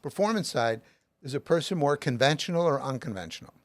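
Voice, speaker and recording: A man's voice: on the high side, expressive, brisk, no echo. A middle-aged man as an author and guest, explaining his method with plenty of everyday examples. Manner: emphatic, uses lots of everyday examples.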